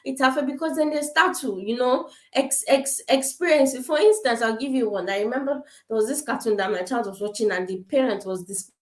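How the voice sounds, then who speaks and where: A woman's voice: fairly high pitch, brisk, few pauses, reverberant. A woman from Africa speaking to parents in a casual online talk, earnest and repetitive, with many fillers and restarts. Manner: earnest, repeats points, frequent fillers and restarts. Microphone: webcam on a video call.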